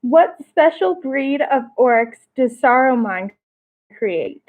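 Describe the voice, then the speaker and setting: A woman's voice: high-pitched, expressive, slow pace, phone-quality sound. A young woman co-hosting a casual trivia live stream from home, playful and teasing, laughing often. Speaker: trivia co-host.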